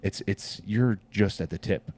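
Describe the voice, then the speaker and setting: A man's voice: on the low side, measured pace, a little mellow. A man hosting a podcast, talking earnestly and encouragingly to his guest, calling him brother. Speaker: podcast host. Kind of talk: casual podcast conversation.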